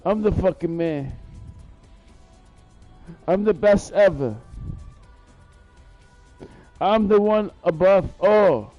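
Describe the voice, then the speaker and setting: A man's voice: high voice, expressive, extremely slow, long pauses, dark tone, lo-fi sound, faint music behind. A man rambling through a profane, boastful story in a live-stream monologue, repeating himself as he goes.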